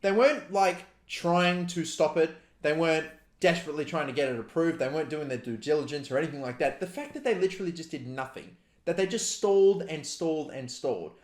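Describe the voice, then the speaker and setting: Young Aussie guy, furious profane football rant, slightly high voice, echoey room. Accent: Australian. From Australia. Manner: furious, profane, heated ranting. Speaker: football fan vlogger. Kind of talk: angry rant to camera. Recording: roomy echo.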